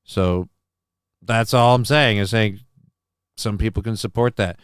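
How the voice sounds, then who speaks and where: A livestream host with a fairly low, steady male voice reads chat at a measured pace in a clear, resonant tone. His replies ramble defensively with casual swearing and occasional voice cracks, and the studio-quality audio has no room sound.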